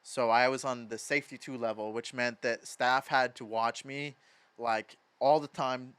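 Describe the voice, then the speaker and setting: A man's voice: medium pitch, unhurried, smooth. A young man in his twenties from Wisconsin, a podcast guest telling stories casually, full of "like" and swearing. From Madison, Wisconsin. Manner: filler-heavy, profane, animated. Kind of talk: casual storytelling.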